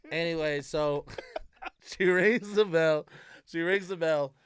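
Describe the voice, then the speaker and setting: Man, young, podcast co-host, animated storytelling, laughs a lot, clear smooth voice, dry close sound. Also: on the high side, slow pace, no room sound. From Iowa. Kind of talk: casual storytelling chat.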